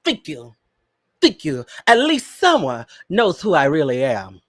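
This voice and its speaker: A man's voice: fairly high pitch, huge pitch swings, measured pace, dry recording, clean studio sound. A young man hosting a casual pop-culture commentary show, talking dramatically and laughing often. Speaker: podcast host.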